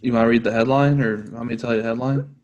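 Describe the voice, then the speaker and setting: A young man co-hosting a comedy podcast, dry and laid-back, reading an article aloud haltingly. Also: medium pitch, fairly even intonation, a little mellow, highs cut off. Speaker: podcast co-host. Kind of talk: casual comedic banter.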